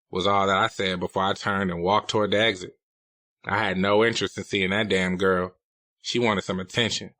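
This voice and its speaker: A man's voice: sits low, little pitch movement, brisk, sharp tone, no room sound. A man narrating a novel in the first person, in a blunt, profane, streetwise manner. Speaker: audiobook narrator.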